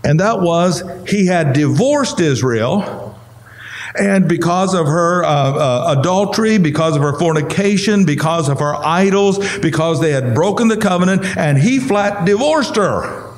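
A pastor whose voice is going hoarse, teaching a Bible study in a conversational way and asking the listeners questions. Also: male voice, a little high, animated, a little slow.

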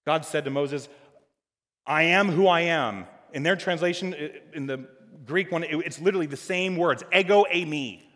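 A man preaching a sermon as pastor, dynamic, moving between loud emphatic lines and quiet, hushed ones. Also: on the high side, a little fast. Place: church hall. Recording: church hall with long reverb.

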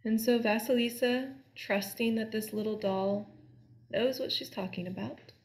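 A woman telling a folk tale aloud in a slow, deliberate, expressive way. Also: on the high side. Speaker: storyteller. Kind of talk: storytelling.

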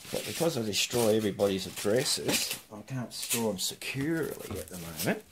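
A man's voice: on the low side, lively intonation, normal speed, background noise. A man hosting a casual unboxing vlog, chatting to viewers and muttering asides to himself as he opens his mail. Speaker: host opening mail.

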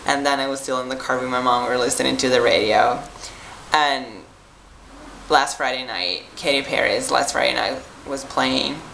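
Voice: medium pitch, fairly even intonation, normal speed, gravelly, pushed and bright, reverberant, slight background noise, low-quality recording. A tired young adult from Italy, chatting casually to viewers in a rambling vlog full of "like" and "um". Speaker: vlogger.

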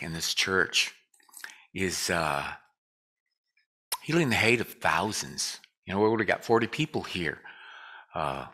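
Bright-voiced man giving a lively casual sermon. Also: on the low side, breathy edge. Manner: joking, conversational, leads call and response. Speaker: guest speaker. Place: church sanctuary.

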